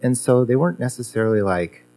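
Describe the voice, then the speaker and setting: A man's voice: medium pitch, lively intonation, fast talker, warm tone. A man, a former guitar teacher, reminiscing in casual conversation, rambling with many fillers and restarts.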